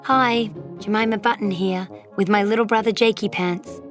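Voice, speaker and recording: A woman narrating a children's storybook as a young girl, lively and dropping into whispers for suspense. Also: medium pitch, normal speed, soft background music. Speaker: audiobook narrator.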